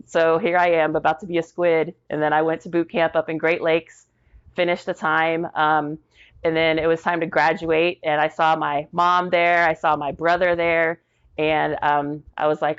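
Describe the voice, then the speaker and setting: Veteran woman, forties, low-pitched, casual storyteller who acts out the quotes; slightly muffled audio. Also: moderate pace, clear, resonant tone. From Tampa, Florida. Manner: animated storyteller acting out quotes. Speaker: podcast guest, military veteran.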